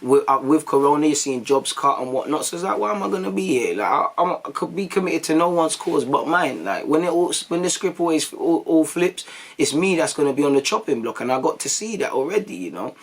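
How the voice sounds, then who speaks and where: A young man, a vlogger telling stories to his viewers in a casual, animated way, full of slang and acted-out quotes. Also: fairly high pitch, brisk. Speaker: YouTube vlogger.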